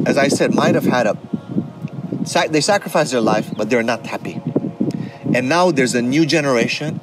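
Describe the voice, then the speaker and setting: A man's voice: fairly high pitch, very noisy. A man and regular speaker giving a conversational religious talk and advice, often checking in with "right?" and mixing in Arabic terms. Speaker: Islamic speaker and counselor.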